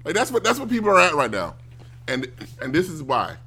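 A man ranting casually to a stream audience, animated and given to mocking impressions. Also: a little high, a little fast, gravelly, breathy edge. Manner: animated, mocks others in loud exaggerated voices.

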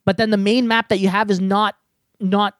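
A man's voice: high-pitched, level tone, normal speed, fairly bright tone, no echo. Chatty man explaining a game. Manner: explains at length, lots of "like" and "you know". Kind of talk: casual gaming chat.

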